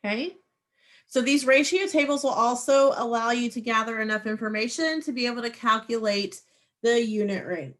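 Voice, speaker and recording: A woman's voice: fairly high pitch, normal speed. A woman teaching a math class over a video call, patient and encouraging as she explains each step. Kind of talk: online class lesson.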